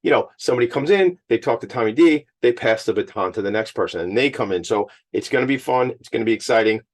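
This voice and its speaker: A man's voice: medium pitch, expressive, fast. A man hosting an interview, enthusiastic and effusive, getting emotional at times. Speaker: podcast host. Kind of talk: lively interview chat. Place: at a school event.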